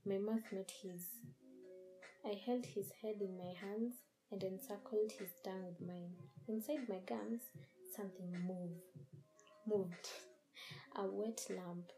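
A woman reading a first-person horror story in a measured, dramatic storytelling manner. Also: mid-range voice, fairly even intonation, music in the background, rough recording. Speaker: narrator.

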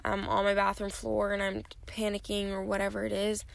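A woman's voice: mid-range voice, monotone, a little fast, vocal fry. A young woman hosting her own podcast, talking candidly and rambling with many fillers, tired and yawning. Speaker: podcast host. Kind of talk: casual solo podcast talk.

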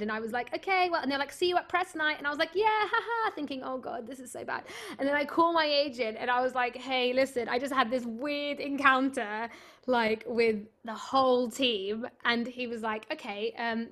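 Chatty young woman, animated. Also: high-pitched. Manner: animated, chatty, full of "like" and "literally". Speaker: guest, stage actress. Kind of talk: casual storytelling in an interview.

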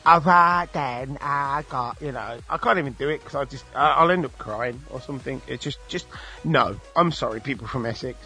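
A man's voice: medium pitch, sharp tone, soft background music. A man from England co-hosting a casual radio chat, jokey and talkative. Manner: chatty, jokey, puts on voices in quick bits. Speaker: radio co-host.

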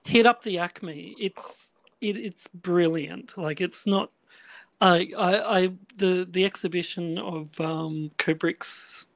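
An Australian woman chatting casually on a podcast, enthusiastic and quick to gasp or laugh. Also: lowish voice, vocal fry, no room sound, highs cut off. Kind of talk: casual chat.

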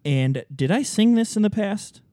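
Man, playful co-host, lively pitch, dry close sound. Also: normal speed, no room sound. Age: adult, married. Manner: animated, playful, laughs often. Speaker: podcast co-host. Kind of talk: casual banter.

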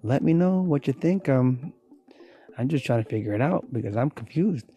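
A man's voice: medium pitch, lively intonation, normal speed, dark tone. A man hosting a voiceover show, chatting casually and sleepily, rambling as he thinks aloud. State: sleepy, yawning. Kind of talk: casual podcast chat.

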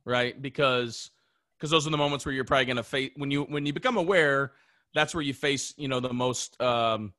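Bright-voiced man hosting a podcast. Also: mid-range voice, fairly quick, no room sound, studio quality. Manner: thoughtful, emphatic, restarts sentences. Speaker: podcast host. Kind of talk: reflective interview conversation.

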